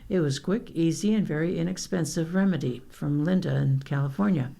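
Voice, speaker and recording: A woman reading newspaper columns and news items aloud for a radio reading service, in a plain, unhurried way. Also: low voice, creaky, dark tone. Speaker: volunteer newspaper reader. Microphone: radio studio microphone.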